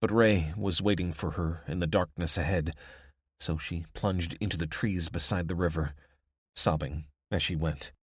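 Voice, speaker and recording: A man reads an audiobook in a very low, steady voice. His telling is even and measured. The sound is dry and close with no room around it. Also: slightly rough, no echo. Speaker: audiobook narrator. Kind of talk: scripted narration.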